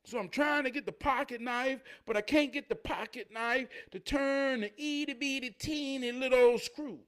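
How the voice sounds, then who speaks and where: A man telling a personal story as a life lesson. He swings between loud, animated bursts and low, quiet asides. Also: moderate pace, clean tone. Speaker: motivational vlogger.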